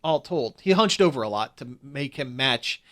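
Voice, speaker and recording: In a casual podcast conversation, a male co-host wanders through a critical film review full of restarts. He sounds animated, with a mid-range, fairly bright voice and a moderate pace.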